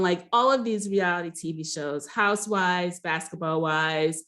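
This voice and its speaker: Low-voiced woman gossiping about reality TV. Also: measured pace, a bit bright. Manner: rambling, many fillers like "um" and "you know"; gossipy, opinionated commentary. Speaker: reality TV recap host. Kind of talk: casual chatty recap.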